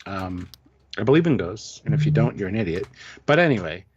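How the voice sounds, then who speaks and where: A man in his fifties co-hosting a relaxed livestream. He talks in an animated, self-mocking way, his pitch leaping around, and he laughs easily. The audio is muffled and lo-fi. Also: brisk, a little hiss or hum. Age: 50s. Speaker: co-host. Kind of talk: casual livestream chat. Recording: dull lo-fi stream audio.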